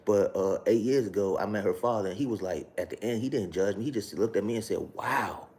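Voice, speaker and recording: A man sharing his personal testimony in a casual, halting way, circling back and repeating himself, with street slang. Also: fairly low pitch, mellow, slight background noise.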